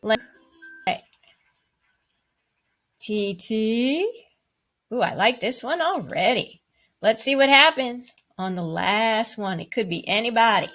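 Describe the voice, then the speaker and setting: A woman's voice: expressive, takes it slowly, long pauses, a bit bright, soft background music. Bubbly woman teacher whooping at the kids. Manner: bubbly and playful, with high whoops and cheers; chants rhythm syllables and counts. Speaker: music teacher. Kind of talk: online music lesson for children.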